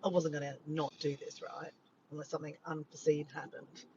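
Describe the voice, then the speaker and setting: A rambling, chatty Australian man with a slightly high voice talks casually into his phone from a car parked by the beach. The sound is a bit dull, with faint ambience behind him. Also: flat delivery, brisk, darkish tone, slight background noise. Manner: chatty, rambling, easily sidetracked. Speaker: vlogger. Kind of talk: casual livestream chat. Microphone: handheld phone camera.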